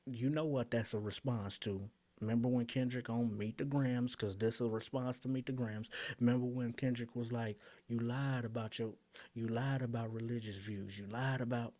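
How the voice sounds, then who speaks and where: A man hosting his channel, breaking down rap lyrics in blunt, animated casual commentary full of slang and "um"s. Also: mid-range voice.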